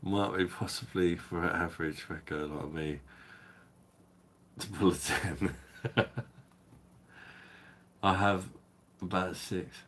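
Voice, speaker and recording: A man's voice: low voice, fairly even intonation, slow pace, pauses often, a bit bright, husky. A man hosting a live beer-review stream, chatting casually and swearing as he reads viewers' messages. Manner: sweary, rambling, reads out chat.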